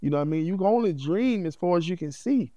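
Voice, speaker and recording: A man's voice: high voice, lively intonation, fast, dark tone, no room sound. A middle-aged man, a podcast guest, telling his life story in a heartfelt, conversational way that is peppered with "you know what I'm saying.".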